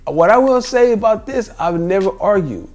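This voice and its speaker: A man's voice: high voice, expressive, normal speed, darkish tone, soft background music. A man in his fifties, a travel vlogger, telling stories in a casual monologue, emphatic and repetitive, acting out the dialogue as he goes.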